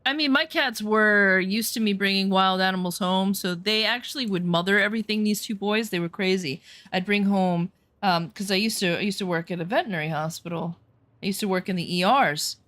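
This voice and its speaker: A woman telling rambling, animated anecdotes in a casual chat, full of swearing. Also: medium pitch, no room sound. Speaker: storyteller.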